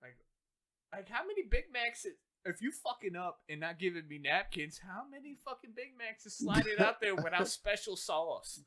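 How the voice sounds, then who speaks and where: A man co-hosting a casual podcast, ranting with animated energy, lots of profanity and slang. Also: sits high, moderate pace. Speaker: podcast co-host. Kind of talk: casual chat.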